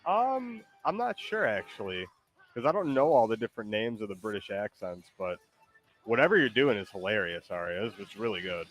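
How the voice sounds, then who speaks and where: A man's voice: fairly low pitch, very animated, a little fast, fairly bright tone, soft background music. A man hosting a stream in casual chat, laid-back and hesitant, laughing often and reading chat messages aloud.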